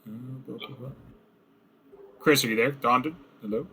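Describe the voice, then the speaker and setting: A man's voice: mid-range voice, normal speed, background noise. A man narrating a tabletop game as game master, casual and chatty, over voice chat. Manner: casual, chatty, acts out goblin shouts.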